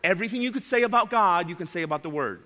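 A man's voice: sits high, lively intonation, very fast, sharp tone, in a large hall. A man preaching a sermon, emphatic, repeating his key phrases and calling his listeners friends.

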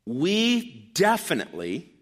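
A man preaching a sermon to his congregation, animated and emphatic, with loud bursts and quiet asides. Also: a little high, takes it slowly, husky. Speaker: pastor. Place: church.

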